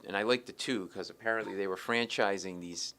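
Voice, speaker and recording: A middle-aged man, a comedian telling animated stories in an interview and acting out the people in them. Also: on the low side, noisy background. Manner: acts out the other people in his stories, quick and lively. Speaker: stand-up comedian, interview guest.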